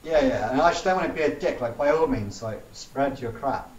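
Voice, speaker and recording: A man's voice: mid-range voice, brisk, dull audio. A man, chatting casually and acting out the people he retells. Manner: animated storytelling, acts out quoted people. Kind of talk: casual chat. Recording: roomy, distant mic with faint ambience.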